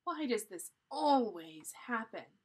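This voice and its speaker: A woman's voice: high-pitched, sing-song, unhurried, voice pushed up. A woman reading a storybook aloud and voicing a cautious, worried young boy. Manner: anxious and fretful.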